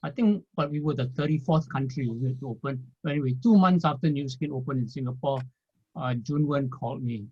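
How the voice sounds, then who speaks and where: A man, a former financial planner, telling his story in an interview in a rambling way, filling pauses with "you know" and small laughs. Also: mid-range voice, darkish tone, husky. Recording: dull lo-fi audio.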